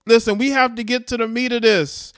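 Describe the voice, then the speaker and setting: A man with a high, smooth and clear voice talks casually on a livestream. He explains his points and speaks straight to his viewers. The sound is dry and close. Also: steady tone, fairly quick, a bit bright, no echo. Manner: chatty, explains and addresses viewers directly. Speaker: livestream co-host.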